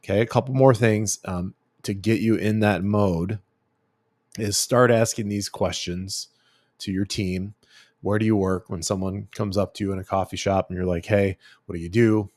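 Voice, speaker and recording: A man's voice: on the low side, fairly even intonation, moderate pace, darkish tone, no room sound. A middle-aged man giving a casual branding presentation, chatty and full of fillers and restarts. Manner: chatty, filler-heavy, self-correcting. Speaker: agency CEO giving a branding talk.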